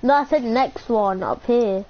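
A woman's voice: on the high side, unhurried, a little hiss or hum. Slangy young woman gaming. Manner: slangy, joking banter. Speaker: player. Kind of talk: casual gaming chat. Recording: dull lo-fi mic.

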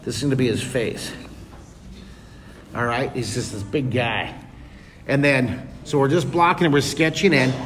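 A man's voice: mid-range voice, normal speed, long pauses, a bit bright. A man leading a live drawing lesson for children in a museum, cheering them on enthusiastically. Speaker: art teacher. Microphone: leaning close to camera. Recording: echoey hall, noisy room.

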